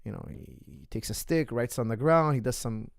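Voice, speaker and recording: A man, a coach, giving his opinions in a casual monologue, talking emphatically, repeating phrases for stress and swinging between loud and soft. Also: mid-range voice, a little fast, vocal fry, dry recording, clean studio sound. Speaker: martial arts coach hosting a Q&A.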